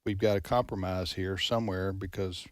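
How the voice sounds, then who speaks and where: A man's voice: deep voice, little pitch movement, normal speed, no echo. A man hosting a political talk radio show, chatting in a folksy, rambling way with frequent restarts, recorded on a dry studio mic.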